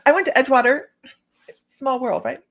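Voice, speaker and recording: A woman's voice: high-pitched, unhurried, fairly bright tone. A woman from Ohio hosting a psychic reading livestream, chatting casually with viewers by name and laughing often as she reads cards. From Ohio, United States. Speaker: psychic reader and livestream host.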